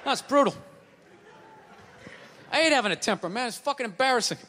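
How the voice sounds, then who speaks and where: A man in his forties doing a profane, ranting stand-up comedy routine on stage, with loud outbursts. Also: extremely high pitch, animated, a little fast, a faint crowd, a little hiss or hum. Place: stage in a large venue. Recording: live show in a big hall.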